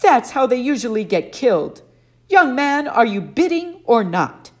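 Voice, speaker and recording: A woman voicing a pudgy, grumpy male camp director who talks loudly, curtly and with disdain in a storybook reading. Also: a little high, sing-song, unhurried, pitched above the performer's own voice. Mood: impatient.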